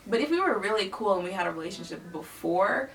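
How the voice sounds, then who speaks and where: A woman's voice: mid-range voice, animated, fast, recorded from a distance. A young woman vlogger telling a story in a blunt, emphatic, sassy way. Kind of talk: casual storytelling.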